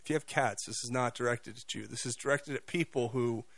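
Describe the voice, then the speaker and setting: A male radio host speaks at medium pitch in a slightly bright voice, with no echo. He delivers a quick, mocking, opinionated monologue marked by frequent restarts and repeated words.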